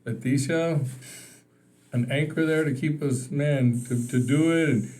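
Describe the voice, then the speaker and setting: A man from Texas, a podcast guest, telling lively stories in casual conversation and acting out the people he quotes. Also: fairly high pitch, unhurried. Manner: animated storyteller, acts out quoted phone calls with laughter. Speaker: podcast guest, state representative. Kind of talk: casual storytelling interview.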